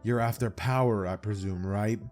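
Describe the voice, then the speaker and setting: A man voicing a manipulative old ninja elder, speaking low and smooth. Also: steady tone, moderate pace, darkish tone, soft background music, natural voice. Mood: scheming.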